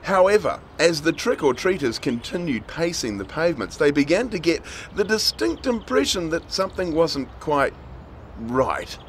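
A man reading a children's story aloud in a playful, expressive way. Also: on the high side, moderate pace, slight background noise.

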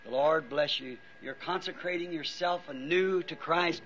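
In a church, an older-sounding man preaches to the congregation, his voice high, sharp and tired as he prays fervently and gives an altar call. His earnest pleading comes with halting restarts, captured on dull old tape carrying a faint hiss.

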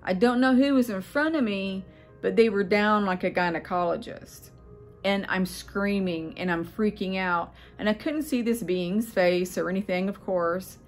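A woman's voice: medium pitch, a little slow, soft background music. A middle-aged woman vlogger telling a personal story in a casual, earnest, rambling way, with many fillers and restarts.

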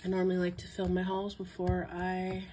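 A woman's voice: lowish voice, monotone, moderate pace, dark tone, a little hiss or hum. A woman chatting casually to her channel viewers from home, her voice stuffy from a sinus infection, chuckling and stumbling over words now and then. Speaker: coloring book YouTuber. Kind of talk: casual vlog chat.

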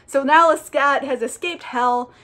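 A woman's voice: sits high, a little slow, fairly bright tone. A young woman recapping a novel in a chatty, profane, casual way, full of filler words. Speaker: book reviewer.

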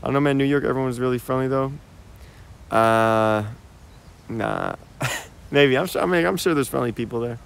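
A man's voice: mid-range voice, sing-song, normal speed, creaky, long pauses, clean tone. A young American man livestreaming outdoors as he walks, chatting to viewers in a laid-back, slangy way and laughing often, recorded on a phone. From United States. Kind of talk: casual live-stream chat. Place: outdoors in a park-like cemetery.

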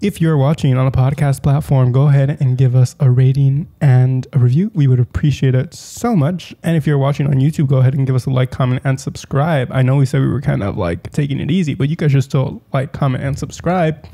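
A man's voice: mid-range voice, fairly quick, hardly any pauses, dark tone. A man co-hosting a podcast in casual chat, laid-back, laughing often and filling with "like". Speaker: podcast co-host.

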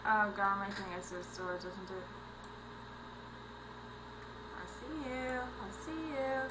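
A young woman hosting a gaming channel, giving excitable let's-play commentary with sudden yelps and laughs, on a home recording with mains hum. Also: medium pitch, moderate pace.

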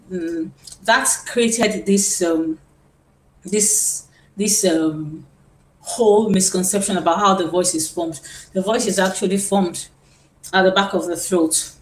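A woman from Nigeria teaching singing on a live stream, explaining at length and repeating words as she thinks. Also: mid-range voice. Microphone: phone. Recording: roomy phone live stream with faint hiss.

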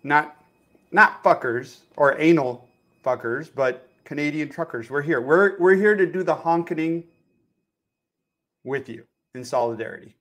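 A man co-hosting an irreverent political podcast. He riffs and jokes in loose, casual chat, with a slightly high voice. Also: fairly bright tone. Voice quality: joking, quick to riff. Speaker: podcast co-host.

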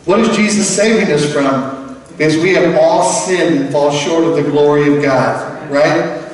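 A high-voiced man preaches a sermon in a big, echoey church hall, heard from a distance with a long reverb tail. He talks to the congregation in a conversational, animated way and slips into quoted voices now and then. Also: unhurried, a little hiss or hum. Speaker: pastor.

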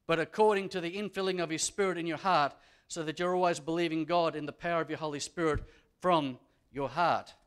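A man preaching from the pulpit in a fairly high voice. He is a pastor who repeats his key lines and lets his delivery swell for emphasis. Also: fairly bright tone, clear, resonant tone. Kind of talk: sermon. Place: church.

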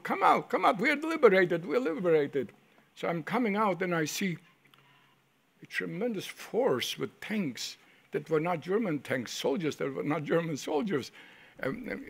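Gravelly older man. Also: a little high. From Poland. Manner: vivid storytelling that acts out the voices of people he quotes; halting, with restarts and repeated words. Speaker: Holocaust survivor giving testimony. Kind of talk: first-person testimony.

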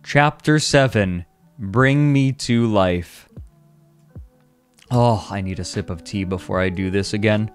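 A man streaming a comedic dramatic reading, deadpan and slow, with laughing asides. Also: lowish voice, faint music behind. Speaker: streamer reading a fanfic aloud.

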